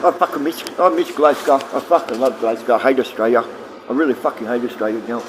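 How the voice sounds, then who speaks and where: A man's voice: medium pitch, fast, noisy background. A middle-aged man livestreaming, rambling and swearing casually as he answers his viewers.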